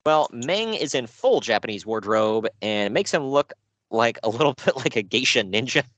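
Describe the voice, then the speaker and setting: A man recapping wrestling events on a podcast, sarcastic and quick to laugh. His pitch swings widely as he talks. The sound is dry and close, with no room around it. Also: no echo. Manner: sarcastic, animated, laughs often. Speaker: podcast co-host reviewing wrestling shows. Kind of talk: casual podcast chat.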